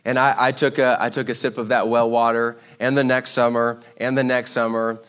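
A man preaching a sermon, telling a Bible story with lively acted-out voices. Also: medium pitch, a little fast, clear, resonant tone. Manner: animated storytelling, acts out voices. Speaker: pastor.

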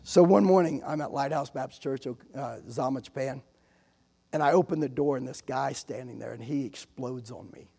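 Gravelly-voiced male preacher. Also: medium pitch, moderate pace, warm tone. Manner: conversational preaching with frequent "amen?" asides and acted anecdotes. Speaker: visiting missionary preacher. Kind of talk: sermon.

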